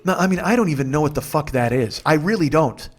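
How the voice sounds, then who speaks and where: A man's voice: a little high, lively intonation, fast. A man in his forties hosting a comedy podcast, telling a story in a rambling, profane and incredulous rant that is full of restarts. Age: 40s.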